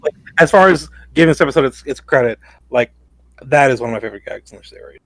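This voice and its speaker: A man co-hosting a podcast in casual chat, rushing his words with repeated fillers. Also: medium pitch, animated, fairly bright tone, no room sound, rough recording. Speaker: podcast co-host.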